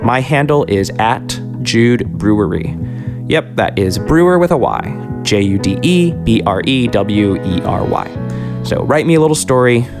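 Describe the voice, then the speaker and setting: A man's voice: mid-range voice, expressive, unhurried, over music. A man hosting a podcast, chatting casually in a laid-back, upbeat way with casual slang. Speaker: podcast host. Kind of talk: casual outro chat.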